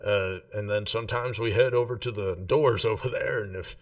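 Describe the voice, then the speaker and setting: A man's voice: lowish voice, normal speed, recorded from a distance, close to an everyday voice. A man voicing a rowdy male tavern regular who talks in a loose, hesitant drawl. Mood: jovial.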